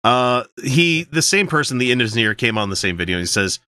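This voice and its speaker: A man's voice: medium pitch, very animated, a little fast, pushed and bright, dry recording. A man co-hosting a podcast, casually reading out troll comments with loose, profane, laughing banter. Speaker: podcast co-host.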